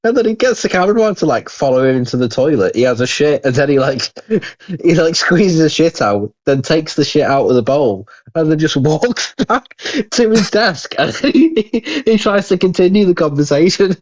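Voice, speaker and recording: A man's voice: a little high, lively intonation, normal speed, highs cut off. A man co-hosting a podcast, retelling stories animatedly in casual chat and laughing as he goes. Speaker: podcast co-host.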